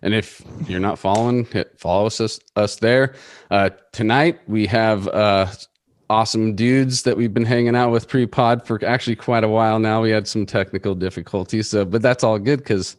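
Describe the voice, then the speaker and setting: Casual podcast host, man, lower voice, easygoing, dry sound. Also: steady tone, moderate pace, dry recording. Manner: laid-back, casual, swears. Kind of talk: casual chat.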